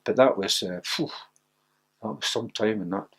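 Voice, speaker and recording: An older Scottish man, once a footballer, reminisces in an interview, telling stories, laughing often and acting out quotes. His voice is fairly low with a moderate pace, a bit bright, with a breathy edge.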